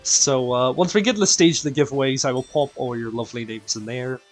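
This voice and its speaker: Man, mixed Northern Irish accent, chatty live game streamer, a bit tired, mid-pitched, faint music underneath. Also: a little fast. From Northern Ireland. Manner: chatty, greets viewers by name, self-deprecating. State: tired and quieter than usual. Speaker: live-stream raid host. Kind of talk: casual live-stream chat.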